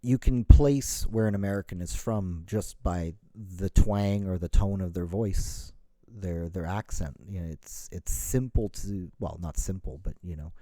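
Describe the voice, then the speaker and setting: Man, middle-aged, from Canada, deep voice, dry close sound, rambling casual talk. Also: a little slow, warm tone, dry recording. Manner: rambling, self-correcting, lots of "you know". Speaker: podcast host.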